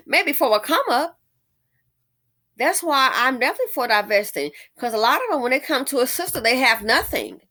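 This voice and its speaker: A woman talks through her opinions in a bright, forward voice. She sounds sassy and exasperated and slips into mocking impressions. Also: high voice, lively intonation, fairly quick. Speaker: commentary vlogger. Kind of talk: opinion commentary.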